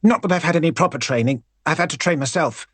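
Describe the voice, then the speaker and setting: A man voicing a young woman trainee reporter who is blunt, brisk and dotes on the office dog. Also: fairly high pitch, fairly bright tone, husky, no echo, voice pushed up. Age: young adult. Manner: brisk, snappish, fussing over the dog.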